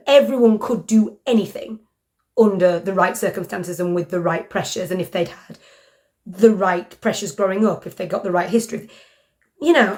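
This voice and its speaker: A woman voice actor chatting in a relaxed interview. She reflects on her work and thinks aloud, with plenty of "like" and "you know" along the way. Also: medium pitch. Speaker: voice actor in an audio drama. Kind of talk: casual interview about acting.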